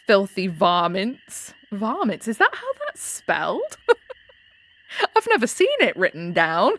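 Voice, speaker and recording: A young British woman chatting away while she plays, giggling often and talking to the game's characters. Her voice has a lively, swooping pitch and a relaxed, casual flow. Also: unhurried. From Britain. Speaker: gaming channel host. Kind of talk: casual gameplay chat.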